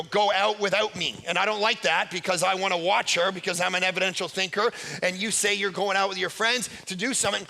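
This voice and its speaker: A man's voice: very high-pitched, vocal fry, bright, forceful tone. A man in his forties, a pastor from Canada, preaching a sermon and telling stories animatedly, acting out the voices of the people he quotes.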